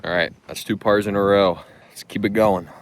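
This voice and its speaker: A man's voice: lowish voice, fairly even intonation, normal speed. A man calling his own golf shots in casual, joking play-by-play outdoors on a windy course. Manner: laid-back, joking. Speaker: golf vlogger.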